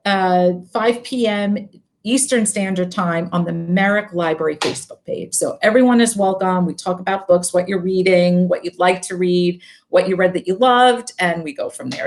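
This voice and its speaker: A woman with a Brooklyn accent, a librarian chatting as a guest, upbeat and quick to laugh. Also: mid-range voice. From Brooklyn, New York. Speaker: librarian and book-podcast guest. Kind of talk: casual chat.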